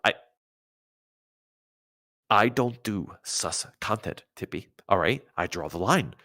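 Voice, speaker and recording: A man's voice: fairly low pitch, expressive, slow pace, bright, forceful tone. A young man co-hosting a casual stream, joking and rambling with many restarts. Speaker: streamer co-host.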